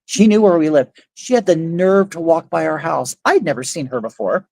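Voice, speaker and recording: A woman's voice: low voice, lively intonation, moderate pace, vocal fry, darkish tone, no echo, poor audio. A middle-aged woman hosting a casual livestream, telling a neighborhood feud story in an indignant, rambling way and reading chat aloud. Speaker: livestream host.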